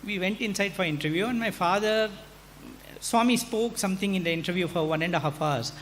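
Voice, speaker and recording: A man's voice: high-pitched, fairly quick. A man, giving a humorous, anecdotal address and acting out bits of dialogue. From India. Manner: animated, humorous, acts out dialogue. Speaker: hostel warden giving an address. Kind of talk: anecdotal storytelling speech. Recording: hall reverb with faint background noise.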